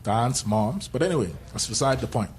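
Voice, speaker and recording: A man's voice: mid-range voice, animated, normal speed, a little hiss or hum. A man co-hosting a podcast in casual chat, rambling, joking and laughing often. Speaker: podcast co-host.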